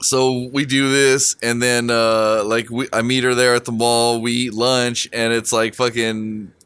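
A man's voice: mid-range voice, little pitch movement, a little slow, fairly bright tone, smooth, no echo. A man telling a crude, funny anecdote in casual chat with friends, swearing often and laughing as he goes. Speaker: storyteller among friends.

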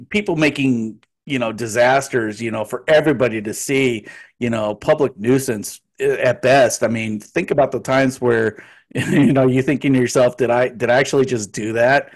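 Man joking crudely, full of fillers. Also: mid-range voice. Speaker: podcast co-host. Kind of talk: casual banter.

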